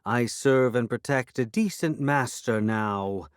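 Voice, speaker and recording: A man's voice: mid-range voice, slow, smooth, dry recording, studio quality, pitched above the performer's own voice, lightly acted. A man voicing a defiant fairy woman. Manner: proud, sharp and defiant. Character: defiant female guardian fairy.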